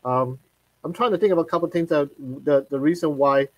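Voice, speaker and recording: Halting male live-stream host, dry sound. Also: on the high side, no echo, low-quality recording. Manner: halting, many fillers and restarts.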